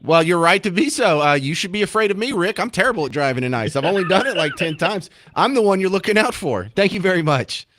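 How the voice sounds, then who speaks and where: A man's voice: high voice, very animated, fast talker, few pauses, fairly bright tone. A man hosting a talk radio show, casual and sarcastic, given to self-deprecating jokes.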